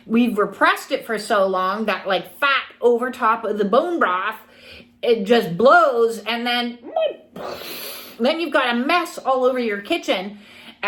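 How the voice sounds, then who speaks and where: A middle-aged woman spiritual coach talking casually, acting out little scenes and quoted voices as she teaches. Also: on the high side. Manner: animated, acts out quoted people.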